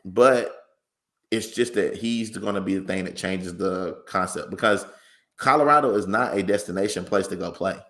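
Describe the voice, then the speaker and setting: A tired man co-hosting a casual sports talk show, talking in a measured, conversational way. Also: low voice, fairly bright tone.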